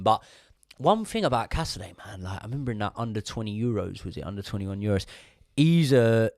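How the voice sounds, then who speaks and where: A man's voice: mid-range voice, animated, no echo. A young man chats casually about football on a podcast, bantering with his co-host. His voice sits mid-range. The recording is close and dry, with no room sound. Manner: banterish, quick recall of old players.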